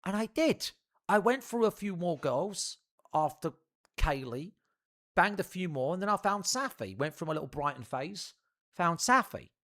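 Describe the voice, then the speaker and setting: A man's voice: high-pitched, sing-song, moderate pace, fairly bright tone. A young man telling a rambling, profane story to his live stream audience.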